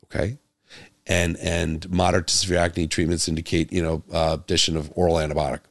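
A man with a deep, low voice talks through a solo medical podcast, recorded close and dry with no room sound. He pushes his points with passion, repeats words as he restarts, and keeps asking rhetorical questions. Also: little pitch movement, a little fast, no room sound. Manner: grows louder and higher when exasperated. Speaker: podcast host, doctor.

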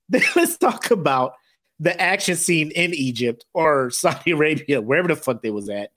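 A man co-hosting a podcast, chatting casually about movies, profane and animated, acting out characters' lines as he goes. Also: fairly high pitch, normal speed. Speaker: podcast co-host. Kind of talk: casual movie review chat.

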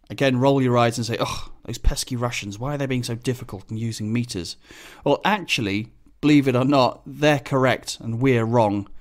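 Chatty pilot explaining procedures. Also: male voice, mid-range voice. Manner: chatty, relaxed, explains technical terms plainly. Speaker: business jet pilot. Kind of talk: casual explanatory monologue.

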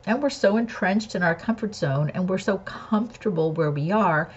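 A woman's voice: mid-range voice, normal speed, husky, highs cut off. A woman earnestly recounting a personal story and drawing a spiritual lesson from it, speaking candidly.

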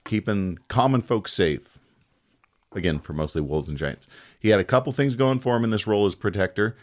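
Deep-voiced joking storyteller man. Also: brisk. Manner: joking, wry, deadpan asides. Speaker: podcast co-host telling a legend. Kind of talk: casual storytelling chat.

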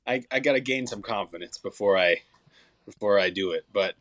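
A young man with a lowish voice talks loosely as an interview guest. He rambles, restarts his sentences and leans on fillers. The recording is dry and close, with no room sound. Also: a little fast, fairly bright tone, no echo. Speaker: guest songwriter and musician. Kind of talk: casual interview chat.

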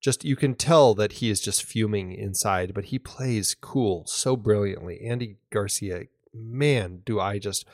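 A man's voice: on the low side, a little slow, hardly any pauses, a little mellow, no echo, studio quality. A man co-hosting a podcast, chatting casually and enthusiastically about a film and often restarting his sentences. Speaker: podcast co-host.

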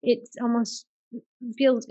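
A woman's voice: fairly high pitch, flat delivery, takes it slowly, mellow, no room sound, dull audio. A woman hosting a faith-based conversation, talking earnestly and affirming her guest often. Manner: earnest, affirming, frequent listening sounds. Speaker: podcast host.

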